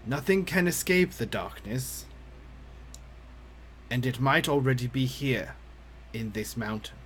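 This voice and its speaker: A man playing a stern older professor in a tabletop game, speaking gravely. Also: mid-range voice, a bit bright, a little hiss or hum, natural voice. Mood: solemn. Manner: grave, slow warning delivery. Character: stern old male professor, solemn and measured. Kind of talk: tabletop role-play.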